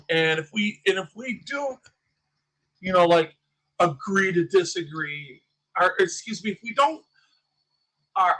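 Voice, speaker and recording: Man, livestream commentary, agitated and rambling, high voice, sharp edge. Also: rough recording. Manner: passionate, agitated rambling with many restarts. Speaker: small channel YouTuber.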